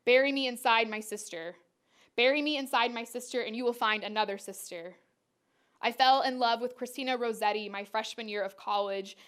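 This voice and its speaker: A woman's voice: fairly high pitch, fairly bright tone, clean tone. A woman performance artist delivering spoken-word poetry in a rhythmic, incantatory way, repeating her refrains.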